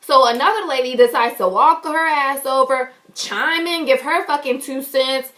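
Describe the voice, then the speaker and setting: A woman vlogger tells a storytime tale with indignation and emphasis, cursing freely as she goes. Her voice sits high and a bit bright, at a normal pace.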